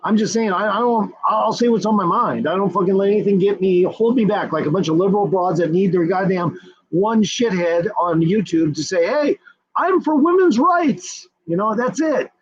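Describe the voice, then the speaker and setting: This husky man with a high voice delivers a quick, combative streamer rant full of profanity. He circles back to the same points again and again, and the audio comes across as dull and lo-fi.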